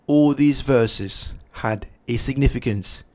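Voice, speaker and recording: Slow, emphatic man. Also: mid-range voice, warm tone. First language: Spanish. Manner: emphatic, often asks "right?". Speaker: livestream host. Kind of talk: casual commentary.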